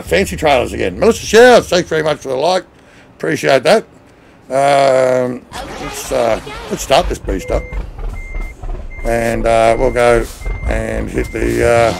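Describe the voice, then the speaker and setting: Chatty man, gravelly voice. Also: mid-range voice, darkish tone. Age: middle-aged. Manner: chatty, greets viewers by name, upbeat. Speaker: game streamer. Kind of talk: casual live-stream chat while playing.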